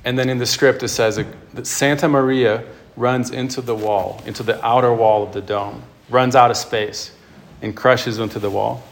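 A man's voice: mid-range voice, fairly even intonation, normal speed, gravelly, a little hiss or hum. A man, a priest, preaching a sermon and retelling a film scene with emphatic storytelling.

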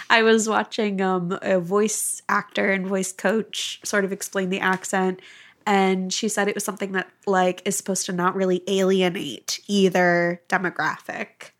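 A woman's voice: medium pitch, a bit bright. A woman from Wisconsin with a mid-range voice, co-hosting a casual podcast. She is chatty and agreeable, often laughing between remarks. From Wisconsin, USA. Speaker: podcast co-host.

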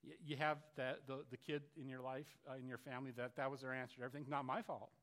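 Earnest preaching man, bright forceful voice. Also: mid-range voice, level tone, fast. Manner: earnest, confessional preaching with frequent restarts. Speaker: pastor. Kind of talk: sermon.

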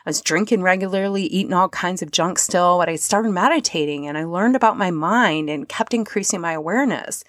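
Woman, low voice, soft and earnest, near tears at times, dry close recording. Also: fairly quick, no room sound. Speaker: podcast host. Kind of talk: personal reflective monologue.

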